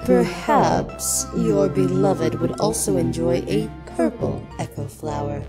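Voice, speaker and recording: A woman voicing a cryptic hooded river ferry monster who talks in slow riddles and sing-song nonsense. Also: medium pitch, lively intonation. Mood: riddling. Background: music.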